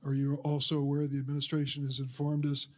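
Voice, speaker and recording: A man questioning a witness at a formal hearing in a measured, formal way. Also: medium pitch, completely flat delivery.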